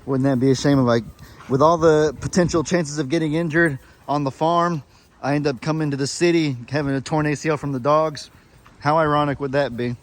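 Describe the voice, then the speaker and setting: A man's voice: fairly even intonation, fairly quick. A man vlogging casually, chatting about his dogs and the farm. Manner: chatty, talks to his dogs in a high coaxing voice. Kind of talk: casual vlog chat.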